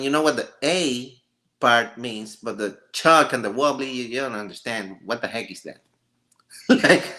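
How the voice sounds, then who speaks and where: A man's voice: medium pitch, sharp tone. A man hosting a casual live stream, joking and ranting with frequent laughter. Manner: laughs often, jokey and rambling.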